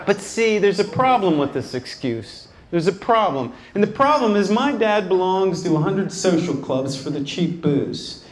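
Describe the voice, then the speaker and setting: A male stand-up comedian telling wry stories about his family with deadpan asides on a nightclub stage. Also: sits high, normal speed, hardly any pauses, a crowd in the background. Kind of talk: stand-up routine. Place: nightclub stage before a live audience. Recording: live club with audience laughter.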